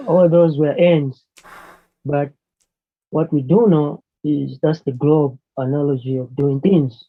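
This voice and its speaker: Debate guest, male, from Tanzania, halting delivery, thin call-line audio. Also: a little high, fairly even intonation, slightly rough. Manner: halting, searching for words, teasing. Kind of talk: casual live debate over a call. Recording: tinny phone-like call line.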